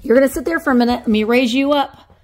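A woman reselling antiques, chatting casually to viewers as she unboxes finds on camera, easily excited and talking to the objects. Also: high voice, quick pace, slight background noise. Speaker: antique reseller and shop owner. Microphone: camera on a tripod.

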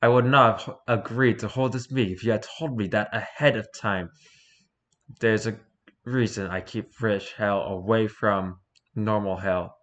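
Man doing a grumpy devil, low grumbling voice, whiny, irritable. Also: steady tone, normal speed, a bit bright, dull audio, close to an everyday voice. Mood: disgusted. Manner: grumbling, irritable, put-upon. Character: whiny grumpy male devil, ruler of hell.

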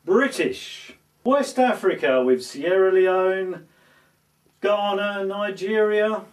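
A man's voice: high voice, slow pace, distant mic, a little hiss or hum. A man playing a pompous, nostalgic English lord in a comedy sketch, proclaiming in a lofty voice.

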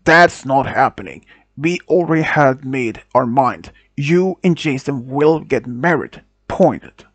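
A man voicing an angry, stern father who speaks slowly and harshly. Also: medium pitch, lively intonation, breathy edge, no echo.

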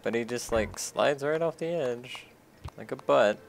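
Playful male let's play co-host, casual teasing banter, middle pitch, over faint game music. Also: a little slow, vocal fry. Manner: teasing, playful, yells at partner's mistakes. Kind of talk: casual gameplay chat.

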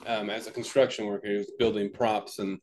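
A man's voice: lowish voice, level tone, brisk, darkish tone, a little hiss or hum. A young man co-hosting a podcast, telling a story in casual chat with many fillers, restarts and swearing. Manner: rambling, profane, lots of fillers and restarts. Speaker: podcast co-host.

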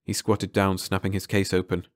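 A man narrating an audiobook in calm, measured scripted narration. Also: deep voice, dry recording, studio quality.

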